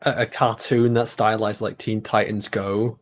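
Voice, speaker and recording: A man's voice: lowish voice, level tone, measured pace. A man chatting casually on a livestream with friends, dropping dry, wry quips. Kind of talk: casual group chat on a livestream.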